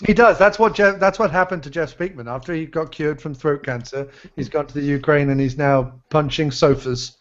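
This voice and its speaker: A man's voice: on the high side, fairly even intonation, moderate pace, few pauses. A man co-hosting a casual chat, joking around and swearing freely. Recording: dull lo-fi audio.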